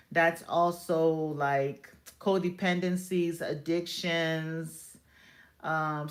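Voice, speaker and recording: Slow, low-voiced woman reading tarot. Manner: unhurried, reassuring card explanations with many fillers. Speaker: tarot reader. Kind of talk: live-stream tarot reading.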